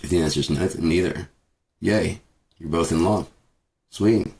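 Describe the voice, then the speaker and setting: A man's voice: low-pitched, moderate pace, gravelly, a little mellow. A man delivering a bitter, profane rant as a vlogger, repeating himself as he talks. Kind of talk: profane ranting monologue.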